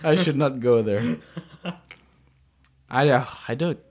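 A man's voice: medium pitch, slow, a little mellow. A man co-hosting a podcast, telling a story in casual chat with many restarts and fillers. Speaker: podcast co-host.

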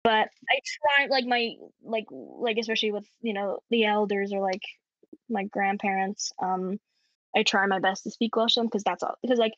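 Speaking at medium pitch and a moderate pace, a young Canadian woman laughs often and leans on plenty of fillers in casual chat. Her tone is fairly bright, though the lo-fi recording sounds dull.

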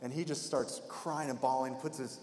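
A man's voice: medium pitch, fairly even intonation, normal speed, darkish tone. Guy preaching a sermon, chatty, does little voices for the people in the story, big echoey church room. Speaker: pastor. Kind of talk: expository sermon. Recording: echoey hall with long reverb.

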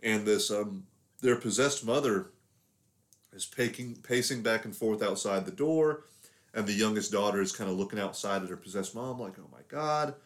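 A young Southern man co-hosting a podcast talks casually over a film in a lowish voice at a moderate pace. His film review chat rambles, full of fillers and hedges.

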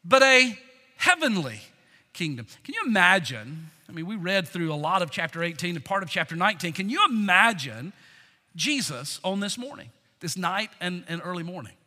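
A male pastor preaching a sermon with dynamic delivery, swinging between loud emphasis and hushed tones, often restarting words. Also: high-pitched, very animated, moderate pace, long reverb tail.

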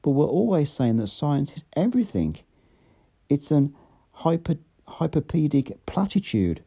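A surprised young intellectual questions in a lifted voice, as a male reader puts him on. The tone is audiobook-clean, a notch above the reader's dark baritone. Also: big pitch swings, unhurried, gravelly, husky, exaggerated voice. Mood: questioning.

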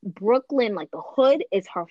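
A woman telling family stories in casual chat, profane and animated. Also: mid-range voice, a little slow, dry recording, muffled recording.

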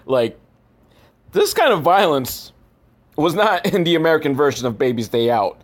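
A man's voice: on the high side, normal speed. Male movie reviewer, dry and sarcastic, cursing through a rambling plot recap. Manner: profane, deadpan, rambling with asides.

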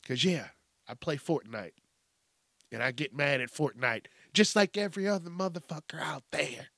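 A man's voice: on the high side, normal speed, gravelly, pushed and bright, dry recording, clean studio sound. A middle-aged man hosting a podcast, ranting in a profane, rambling way that keeps breaking off mid-sentence. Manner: profane, rambling, self-interrupting. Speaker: podcast host. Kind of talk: casual comedic news rant.

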